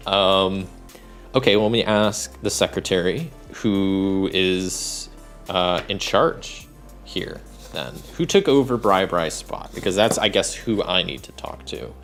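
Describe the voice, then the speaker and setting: A man's voice: low voice, slow pace, fairly bright tone, faint music behind. A man narrating his own solo tabletop game, thinking aloud and rolling dice, with a rambling manner full of fillers. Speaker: solo game master and player.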